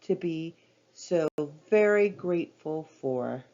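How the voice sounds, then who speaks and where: A woman voicing a gentle, simple male toy bear in a storybook read-aloud, in a mild, soft voice. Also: low voice, expressive, takes it slowly, full character voice. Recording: dull lo-fi recording.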